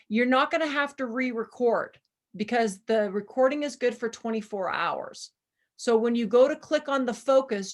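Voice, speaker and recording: A woman chatting casually on a video call, telling stories and coaching people through steps, laughing often. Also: a little high. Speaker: presenter guiding users. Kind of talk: casual chat.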